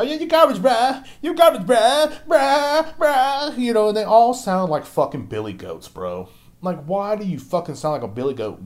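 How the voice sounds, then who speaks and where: A young man hosting his own podcast, ranting with constant swearing and mocking other people in silly voices. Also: warm tone. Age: young adult. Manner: profane, ranting, mocks others in squeaky voices. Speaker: podcast host. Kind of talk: angry solo rant.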